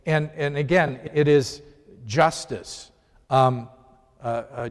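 Man, somewhat high voice, casual Bible class teacher quizzing his group, long hall reverb. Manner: conversational, poses questions to the class. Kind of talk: informal Bible lesson.

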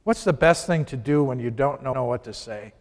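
A man's voice: medium pitch, normal speed. A man leading an informal Bible lesson, talking conversationally and putting questions to his class. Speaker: Bible study teacher. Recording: long hall reverb.

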